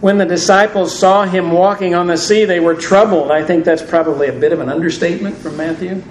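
A man's voice: high voice, steady tone, brisk, a little hiss or hum. A man preaching a sermon, conversational with dry humor. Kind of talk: sermon on scripture. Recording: roomy echo, distant mic, faint ambience.

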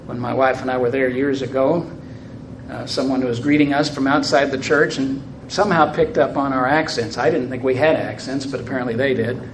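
An older man speaking to a congregation, telling stories and reading aloud at a measured, unhurried pace, his phrases trailing off softly. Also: medium pitch, fairly even intonation, roomy sound, slight background noise, rough recording. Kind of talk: storytelling talk with reading aloud.

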